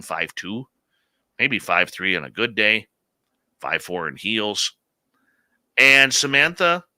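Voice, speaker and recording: Bright, crisp-voiced male radio host. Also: medium pitch, dry recording. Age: late 40s. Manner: animated, conversational storyteller. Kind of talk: live radio storytelling.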